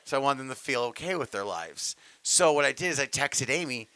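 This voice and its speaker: A young man co-hosts a podcast in an expressive, fairly quick, mid-range voice that sounds pushed, bright and smooth, recorded dry. The casual comedic chat is animated, and he stammers and acts out quotes while telling stories.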